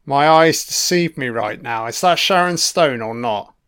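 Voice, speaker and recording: Slow-talking, heavily swearing man. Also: medium pitch, expressive, fairly bright tone, smooth. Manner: heavy swearing, chatty reactions. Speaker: film commentator. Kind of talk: casual film commentary.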